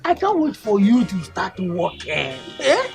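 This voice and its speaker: An actress playing an excitable young woman, loud and teasing, with a Nigerian accent. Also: mid-range voice, unhurried, gravelly, faint music behind, full character voice. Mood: exclaiming.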